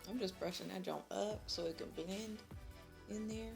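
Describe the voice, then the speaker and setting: Young woman, mid-pitched, chatty slangy beauty vlogger talking through her makeup, faint music underneath. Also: normal speed, gravelly. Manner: chatty and slangy, laughing often. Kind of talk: casual vlog chat while doing makeup.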